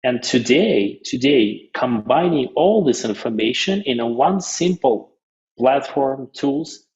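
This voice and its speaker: A man presenting a business webinar in non-native English phrasing, halting often and restarting his sentences. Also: medium pitch, animated, darkish tone, dull audio.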